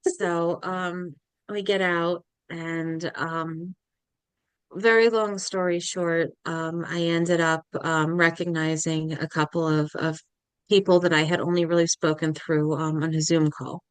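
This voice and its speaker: A young woman guest on a podcast, telling a personal story in a halting, emotional way and acting out the people she quotes. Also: low voice, little pitch movement, smooth, no room sound. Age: young adult. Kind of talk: casual interview storytelling.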